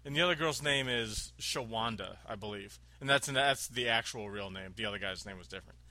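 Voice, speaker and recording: A man tells a rambling workplace story in easy conversation, laughing as he goes and slipping into silly voices for the people he quotes. His voice is bright and tense, recorded close and dry. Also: medium pitch, brisk, no room sound. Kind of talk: casual chat, storytelling.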